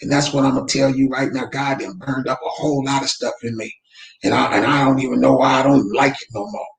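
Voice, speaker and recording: A man running his company's weekly motivational talk from home, speaking fervently like a preacher and breaking into shouts. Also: mid-range voice, fairly even intonation, fast talker, vocal fry, reverberant. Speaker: real estate company owner, host. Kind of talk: live faith-based motivational talk. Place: room at home. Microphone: camera mic.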